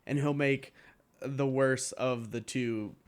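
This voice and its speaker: A man's voice: mid-range voice, steady tone, slow pace. Man, podcast co-host, casual chat, rambling, filler-heavy.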